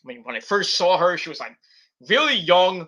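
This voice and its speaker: A man's voice: sits high, big pitch swings, fairly quick, bright, forceful tone, muffled recording. A man hosting a casual review show, rambling and swearing freely and correcting himself as he goes. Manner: rambling and profane, with frequent self-corrections. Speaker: wrestling show reviewer, host. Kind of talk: casual spoken review and rant. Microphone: computer setup while recording.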